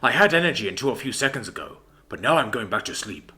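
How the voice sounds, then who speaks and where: A man narrating a first-person story in an expressive storytelling manner. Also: mid-range voice, fast.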